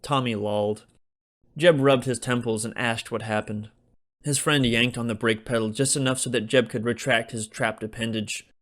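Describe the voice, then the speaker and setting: A man, the author, narrating his own comic novel as an audiobook in a wry, deadpan delivery. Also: medium pitch, moderate pace.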